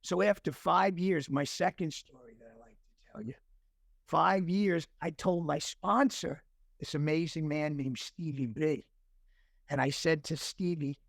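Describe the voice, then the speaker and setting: Older male guest in his 60s, animated storyteller, a touch high-pitched, dry close sound; earnest. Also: a little slow, creaky, no echo. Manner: animated storyteller acting out dialogue; earnest, emotional at times. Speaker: interview guest. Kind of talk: personal recovery story.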